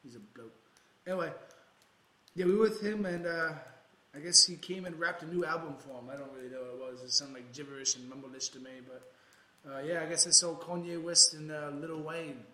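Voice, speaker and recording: A man's voice: fairly high pitch, steady tone, fairly quick, pushed and bright, echoey room, poor audio. A man playing a rambling aging ex-rocker. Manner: rambling, hesitant, full of uh's. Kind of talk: improvised comedy interview.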